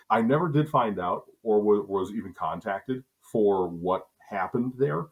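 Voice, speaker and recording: A middle-aged man from Wisconsin, telling stories in a relaxed, chatty way on a podcast. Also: low voice, brisk, hardly any pauses. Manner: relaxed, chatty storyteller with asides and self-corrections. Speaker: podcast co-host. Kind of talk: casual storytelling.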